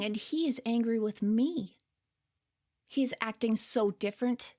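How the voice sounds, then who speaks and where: Woman storyteller, podcast narration, slow and earnest, a bit high-voiced. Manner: slow, quiet, unsure and earnest. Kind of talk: first-person reflective story narration.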